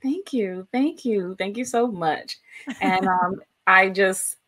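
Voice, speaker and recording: A woman from New York, a marketing strategist guest, who sounds warm and gracious and laughs often as she speaks. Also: medium pitch, slow pace.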